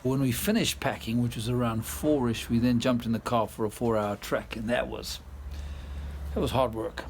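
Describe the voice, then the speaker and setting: A man's voice: mid-range voice, fairly even intonation, moderate pace, darkish tone, slight background noise. A South African-born man vlogging outdoors, chatting casually and laughing often as he tells a tired, rambling story. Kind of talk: casual vlog chat. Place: outdoors, garden and yard.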